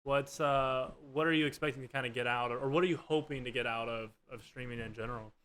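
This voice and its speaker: A man's voice: mid-range voice, steady tone, fast talker, crowd noise. A man hosting a casual podcast, asking loose, chatty questions. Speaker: podcast host. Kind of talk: casual interview.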